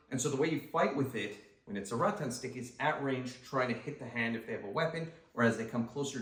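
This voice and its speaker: A man's voice: mid-range voice, a bit bright. Man teaching self-defense in a roomy space. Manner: enthusiastic, talks while demonstrating moves. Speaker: self-defense instructor and host. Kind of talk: casual instructional demonstration. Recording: roomy echo, mic some distance away.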